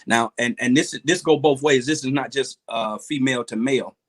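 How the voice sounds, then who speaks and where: Guy on a livestream, earnest, lots of uh and restarts. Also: mid-range voice. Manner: earnest, halting, advice-giving with many fillers. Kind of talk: casual livestream chat.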